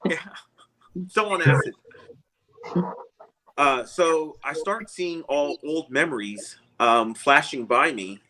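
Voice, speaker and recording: A man's voice: fairly high pitch, takes it slowly, long pauses, sharp tone, a little hiss or hum, poor audio. A man, a guest, telling a long personal story in a casual, rambling way and chuckling often.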